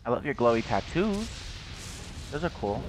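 A young man jokes and swears his way through a casual let's-play commentary at a middling pitch. Loud music and gunfire from the game run under his voice. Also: very animated, normal speed, rough recording. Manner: profane, joking. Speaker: gameplay commentator.

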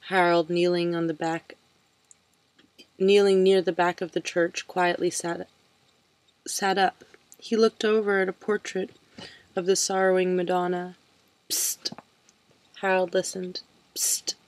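Woman narrator, low pitch, dry close sound, calm unhurried storybook reading. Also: dry recording, rough recording. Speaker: reader. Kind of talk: reading a novel aloud.

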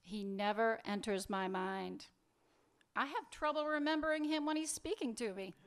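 A man's voice: very high-pitched, moderate pace, a bit bright, clear, resonant tone, voice pushed up. A man voicing a sarcastic, bitter wife. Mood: irritated. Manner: biting, sarcastic, demanding. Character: sharp-tongued woman, wife, bitter and sarcastic. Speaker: fiction author reading aloud. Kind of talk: literary reading, acted dialogue.

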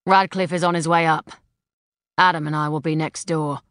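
A woman's voice: sits low, fairly even intonation, moderate pace, a bit bright, no room sound. A woman voicing a curt, practical male partner who talks in a dry, matter-of-fact way in an audiobook. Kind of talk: audiobook character voice.

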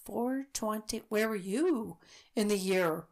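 A woman co-hosting a casual podcast, telling a story in a giggly, rambling, excitable way. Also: medium pitch, takes it slowly, gravelly. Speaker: podcast co-host.

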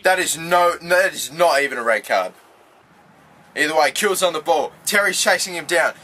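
An Australian man calling his own video game football match like a sportscaster. His voice sits high and sounds bright and sharp. He drifts between steady play-by-play and sudden loud, cursing rants at the referee. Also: normal speed. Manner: swings from calm play-by-play to loud, swearing outbursts. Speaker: gaming YouTuber. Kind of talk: excitable game commentary.

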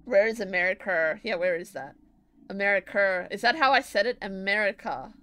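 A young Australian woman streams from home, talking loosely and giggling as she answers her chat. Her voice sits in a middle pitch, and she rambles happily between a game and a drawing. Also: expressive, fairly quick, a bit bright. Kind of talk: casual live-stream chat while gaming and drawing.

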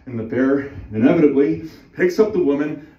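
A man's voice: on the high side, moderate pace. A man telling a long shaggy-dog joke at an open mic, playfully acting out a roaring bear and a pleading bartender. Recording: distant roomy lo-fi live recording.

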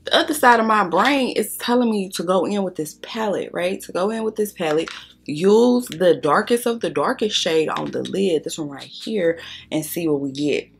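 A woman's voice: on the low side, animated, moderate pace, a little hiss or hum. A young woman doing a makeup tutorial while telling a blunt, profane story straight to her viewers. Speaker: makeup vlogger.

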